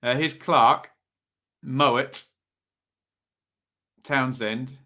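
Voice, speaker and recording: A man's voice: medium pitch, fairly even intonation, extremely slow, pushed and bright. A man with an East Anglian accent hosting a live football watch-along, giving chatty running commentary and reacting to viewers in the chat.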